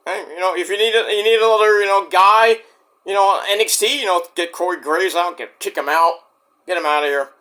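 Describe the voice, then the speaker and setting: A man ranting casually as a wrestling vlogger, rambling and animated, breaking into sudden shouts. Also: sits high, brisk.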